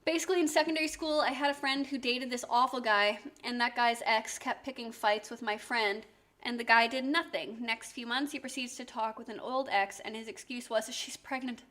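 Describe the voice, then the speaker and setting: A woman's voice: fairly high pitch, fairly even intonation, fairly quick, fairly bright tone. A woman streaming and chatting casually, rambling with lots of fillers. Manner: chatty, rambling with many likes and rights.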